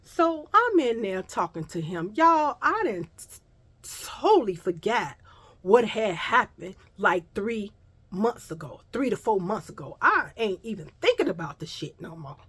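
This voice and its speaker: A woman casually telling a profane, animated story, acting out the other people's voices. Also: mid-range voice, a little slow, husky.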